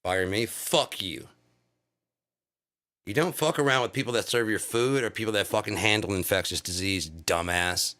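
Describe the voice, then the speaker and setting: A man's voice: fairly low pitch, normal speed, sharp tone. A man on a live stream delivering an angry, profane political rant full of insults.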